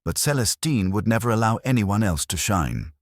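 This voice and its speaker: Man reading a reserved French woman dancer, soft French accent, lively lilt. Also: on the low side, moderate pace, dry recording, studio quality, pitched above the performer's own voice. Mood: guarded. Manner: soft-spoken, guarded. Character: composed French female understudy dancer.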